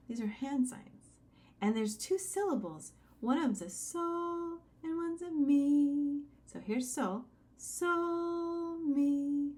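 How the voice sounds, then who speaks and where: A woman's voice: medium pitch, darkish tone. A woman teaching a sight-singing lesson, giving patient step-by-step instructions and singing short examples. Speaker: music teacher.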